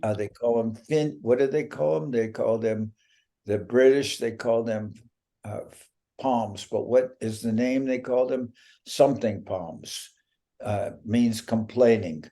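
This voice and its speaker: A man's voice: medium pitch, mellow. Playful teasing man on a video call. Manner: playful teasing, drawn-out punchlines. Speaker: spiritual teacher giving a talk. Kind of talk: casual joking chat over video call.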